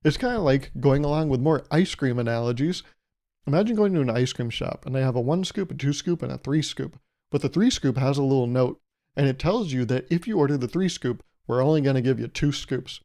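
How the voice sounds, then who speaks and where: A man's voice: medium pitch, expressive, a little fast, mellow. A man hosting a solo podcast, rambling through jokey analogies and laughing at his own jokes. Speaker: podcast host. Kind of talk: solo comedic podcast monologue.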